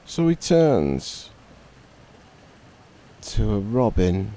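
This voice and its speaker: Man, northern English accent, bedtime story narration, deep, slow, relaxed, rambling. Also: a little hiss or hum. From Northern England. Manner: relaxed, rambling, jokey asides.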